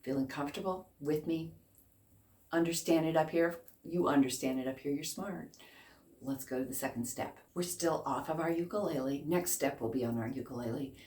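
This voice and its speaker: A woman's voice: low-pitched, normal speed, darkish tone. A woman in her fifties teaching a beginner ukulele lesson, encouraging and counting along with her students. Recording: echoey room, faint noise.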